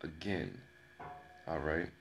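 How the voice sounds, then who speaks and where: A very deep, gravelly male voice tells a personal story at an unhurried pace. He leans on repetition and lets pauses hang for dramatic weight. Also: lively intonation, slight background noise. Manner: slow, dramatic telling with repeated phrases and pauses. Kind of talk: personal story told to camera.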